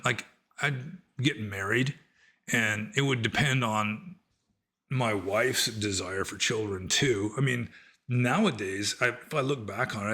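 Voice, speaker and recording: Rambling man with a bright voice. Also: medium pitch. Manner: rambling, conversational, many fillers. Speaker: former monk answering questions. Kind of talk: casual Q&A talk.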